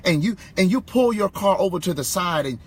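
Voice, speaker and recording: A man co-hosting an inspirational show, telling a story with animated, affirming delivery. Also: sits high, fairly quick, slight background noise.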